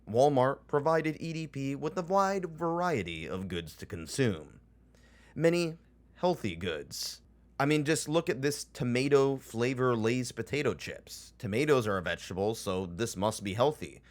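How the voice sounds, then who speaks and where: A man narrating a scripted commentary in a deadpan, mocking tone full of dry sarcasm. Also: medium pitch.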